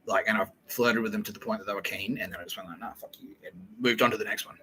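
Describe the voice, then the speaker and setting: A man's voice: lowish voice, steady tone, racing, bright, forceful tone, a little hiss or hum, low-quality recording. A man hosting a podcast, telling a wild story in a rambling, profane comic monologue with frequent laughter. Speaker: podcast host.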